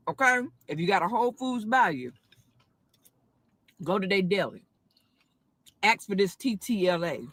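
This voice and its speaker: A woman films herself in her car on her phone. Her voice is bright and clear. She talks with a drawn-out, preacher-like cadence. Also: medium pitch. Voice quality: animated southern-style preacher cadence, drawn-out exclamations. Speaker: food video creator. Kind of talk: casual selfie video review.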